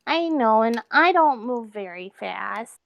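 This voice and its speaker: A woman playing a tabletop game, soft-spoken and hesitant, sometimes dropping into a whisper as her character. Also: a little high, animated, takes it slowly, creaky, lo-fi sound. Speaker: player. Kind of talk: tabletop game role-play.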